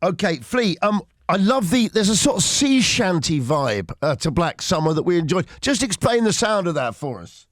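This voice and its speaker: A man's voice: sits high, very animated, dry recording, studio quality. A man hosting a radio interview, joking and bantering with his guest. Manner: jokey, bantering, quick asides. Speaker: radio host. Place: radio studio. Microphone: studio microphone.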